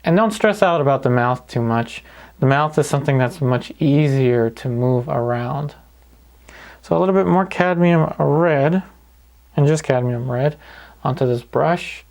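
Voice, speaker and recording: A man calmly talking through each step of a painting lesson in an easygoing way. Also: medium pitch, unhurried, vocal fry. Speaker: painting instructor. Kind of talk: paint-along tutorial narration.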